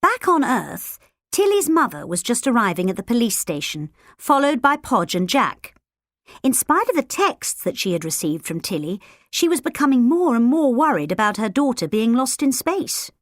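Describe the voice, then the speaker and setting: A woman narrating a children's storybook audiobook in a lively, expressive way. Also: on the high side, moderate pace, no room sound, clean studio sound. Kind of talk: storybook narration with character voices.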